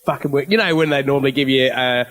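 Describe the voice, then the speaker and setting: A man's voice: medium pitch, quick pace, a bit bright. An Australian man co-hosting a comedy podcast, boisterous and swearing freely. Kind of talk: casual chat.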